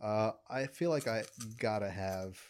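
A man's voice: lowish voice, unhurried, a little mellow, a little hiss or hum. A young man in his twenties with a nasal voice, co-hosting a casual chat and telling stories with a joking laugh. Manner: joking storyteller, laughs often. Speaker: podcast co-host.

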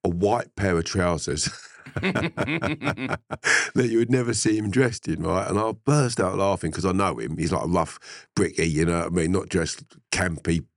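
A middle-aged man with a very low voice spins an animated story in casual interview talk, laughing and swearing as he goes. His voice sounds dry and close, with no room around it. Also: fairly quick, hardly any pauses, dry recording.

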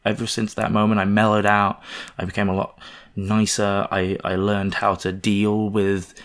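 A man in casual conversation, telling a personal story in an animated, self-deprecating way. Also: lowish voice, moderate pace.

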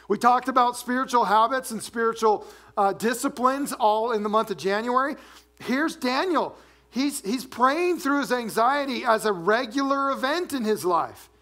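A man preaching a sermon as pastor, animated, dropping low and soft to read scripture.

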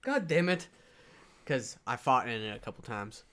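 A man playing in a tabletop game and chatting casually, swearing often and talking loudly. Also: medium pitch, expressive, moderate pace. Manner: profane, boisterous. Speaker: player.

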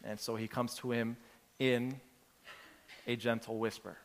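A man's voice: mid-range voice, little pitch movement, measured pace, slight background noise. A man preaching a sermon as pastor, in a conversational, earnest way, building his points from everyday examples. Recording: long hall reverb.

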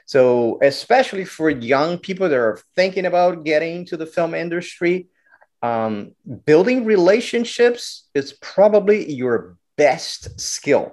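A middle-aged man tells his story as a guest, animated and lively in pitch. He stumbles and restarts often as he goes. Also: unhurried. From Brazil. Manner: animated, acts out quotes, many restarts. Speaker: guest filmmaker. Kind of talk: storytelling interview talk.

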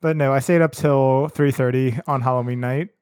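A man's voice: medium pitch, fairly even intonation, moderate pace, darkish tone, clean tone, dry recording, studio quality. A man co-hosting a casual podcast, telling stories in a laid-back way. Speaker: podcast co-host.

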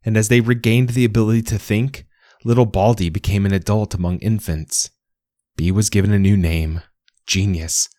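A man narrating a storybook in an expressive, lively reading style. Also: lowish voice, moderate pace, no room sound, studio quality.

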